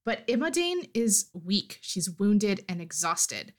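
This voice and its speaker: Woman podcast cohost retelling a fantasy story, mid pitch, lively and chatty. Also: takes it slowly. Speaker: podcast co-host. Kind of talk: casual story recap.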